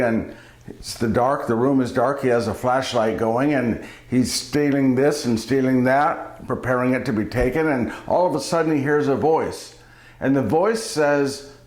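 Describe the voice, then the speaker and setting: A man's voice: medium pitch, a little mellow, reverberant. A man giving a daily reflection as a preacher, telling a joke and then a homily, chuckling at his own jokes.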